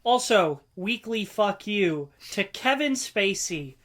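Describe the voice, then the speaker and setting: Bright-voiced blunt young man. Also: high voice, expressive, slow pace. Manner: blunt, profane, enthusiastic. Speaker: podcast co-host. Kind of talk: casual chat.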